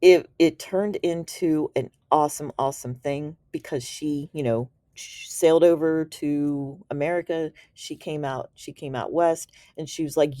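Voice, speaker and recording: Woman, low voice, mellow tone, chatty, slangy, enthusiastic storyteller. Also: measured pace, hardly any pauses, no echo, clean studio sound. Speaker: Reiki teacher. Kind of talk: casual storytelling explanation.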